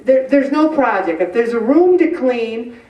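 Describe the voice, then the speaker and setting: Speaking a little slowly in an animated, fairly high voice, a middle-aged woman delivers a jokey, chatty faith talk on stress and plays out small quoted exchanges. She's an inspirational speaker, and the dull-sounding audio comes from a far-off mic in a room full of echo.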